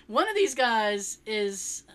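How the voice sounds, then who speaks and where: A woman in casual chat, telling a story with animated delivery, acting out quotes and laughing often. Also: fairly high pitch, very slow.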